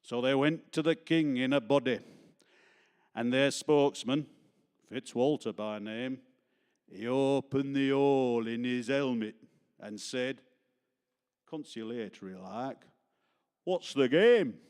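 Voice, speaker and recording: A man's voice: medium pitch, slow pace, pauses often, a little mellow, clear, resonant tone, pitched above the performer's own voice, close to an everyday voice. A man voicing a jaunty Northern English storyteller in a put-on Yorkshire-Lancashire accent, giving a bouncy comic recitation in rhyming verse.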